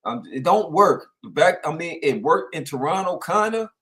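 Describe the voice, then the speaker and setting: Male sports co-host, fairly high voice, animated rambling storyteller. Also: moderate pace. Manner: animated storyteller, repeats himself, lots of fillers. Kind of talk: casual sports chat.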